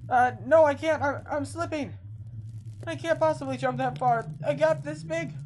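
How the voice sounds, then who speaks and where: A woman voicing a frightened young woman lost in a dark house, speaking in a high, shaky, pleading voice. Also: steady tone, normal speed, slight background noise, natural voice. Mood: panicked.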